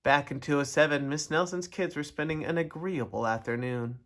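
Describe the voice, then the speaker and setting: A man reading a children's storybook aloud in an expressive, animated way. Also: on the high side, moderate pace, a little hiss or hum. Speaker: storybook reader.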